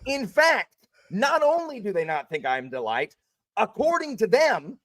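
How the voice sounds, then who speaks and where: A man who is a teacher, chatting energetically as a podcast guest, joking and animated. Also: high-pitched, unhurried, dry recording, studio quality. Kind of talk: casual podcast chat.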